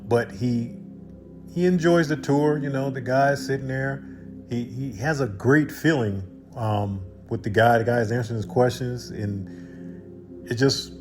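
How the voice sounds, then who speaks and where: A man telling a spiritual parable in a loose, conversational way, with asides to his listeners. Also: medium pitch. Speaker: storyteller. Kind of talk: casual spoken parable.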